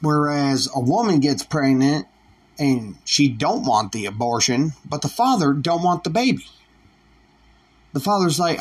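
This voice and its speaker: Husky, blunt podcast host. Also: male voice, fairly high pitch, very animated, unhurried. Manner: profane, blunt, defiant. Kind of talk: solo opinion rant.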